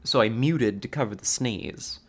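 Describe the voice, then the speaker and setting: A man's voice: medium pitch, measured pace, faint music behind. A man streamer chatting casually with his viewers as he ends his stream, rambling and playful and laughing often. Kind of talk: casual stream sign-off chat.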